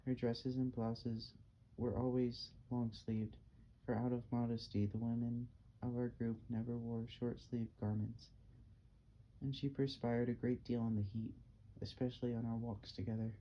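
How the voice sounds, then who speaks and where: A man's voice: medium pitch, little pitch movement, moderate pace. A man reading a novel aloud as an amateur audiobook, plain and unpolished with small slips and restarts. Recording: dull lo-fi, faint hiss.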